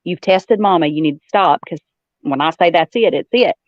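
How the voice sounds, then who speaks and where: Southern lady, low voice, bouncy storyteller, dry muffled sound. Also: moderate pace, no room sound. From American South. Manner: storytelling, acts out quoted voices, laughs often. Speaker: guest. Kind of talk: casual chat.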